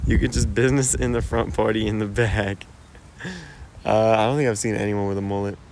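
Laid-back slangy American guy, low voice. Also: level tone, a little fast, darkish tone, slight background noise. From United States. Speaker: livestreamer. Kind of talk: casual live-stream chat. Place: outdoors in a park-like cemetery.

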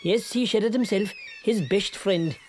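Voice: medium pitch, normal speed, darkish tone, a little hiss or hum, natural voice. Someone doing a boastful fisherman. He spins rambling tall tales in an easy, chatty way. It is played for comedy. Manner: rambling yarn-spinning, bursts into song. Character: boastful Kerry fisherman, tall-tale teller.

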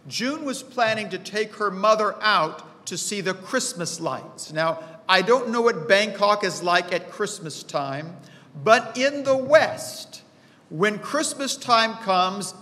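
A man's voice: measured pace, hardly any pauses, bright, forceful tone. A man preaching a sermon as a pastor, telling stories and acting out the voices in them. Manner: storytelling, acts out quoted voices with rising pitch. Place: church auditorium. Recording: long hall reverb in auditorium.

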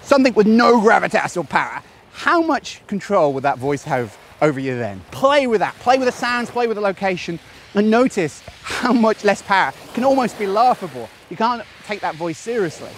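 A man's voice: sits high, fairly quick, slight background noise. A man speaking straight to camera as a self-help coach, talking through phobias and now and then putting on silly voices in play. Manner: animated, playfully acts out silly voices. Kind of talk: direct-to-camera advice video.

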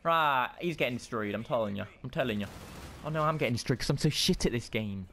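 A young man giving casual, excitable commentary over his own gameplay, swinging between frustrated outbursts and self-mocking asides. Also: medium pitch, fast, a little hiss or hum. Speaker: gaming channel host.

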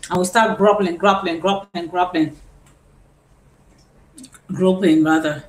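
A woman's voice: fairly low pitch, fairly even intonation, takes it slowly. Roomy-sounding woman voice teacher. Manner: explanatory, repeats words while thinking. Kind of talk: live-stream singing lesson. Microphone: phone. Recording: roomy phone live stream with faint hiss.

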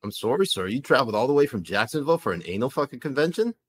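A man puts on a Canadian accent to voice a polite, baffled trucker protester who is forever apologizing, constantly saying sorry and eh. His medium-pitched voice is sing-song with a breathy edge, and he races along.

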